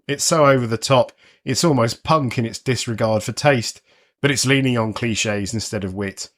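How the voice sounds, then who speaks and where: Wry male podcast host in his forties, mid-pitched, scripted narration with a sardonic edge. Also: fairly bright tone. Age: 40s.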